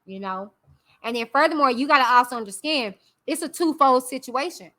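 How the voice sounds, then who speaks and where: Bright, high-voiced woman giving blunt commentary. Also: animated, a little fast. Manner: candid, opinionated, talks directly to viewers. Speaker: YouTube commentary host. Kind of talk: casual live-stream commentary.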